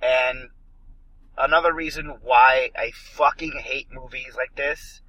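A man's voice: medium pitch, steady tone, takes it slowly, bright, forceful tone, no room sound, highs cut off. A man ranting and swearing as he picks apart an action movie in a casual podcast chat. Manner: ranting, profane, emphatic. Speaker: podcast co-host.

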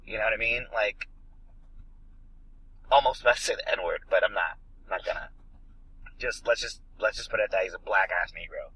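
A man's voice: lowish voice, moderate pace, long pauses, bright, forceful tone, husky, poor audio. A man ranting and swearing as he picks apart an action movie in a casual podcast chat. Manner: ranting, profane, emphatic. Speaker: podcast co-host.

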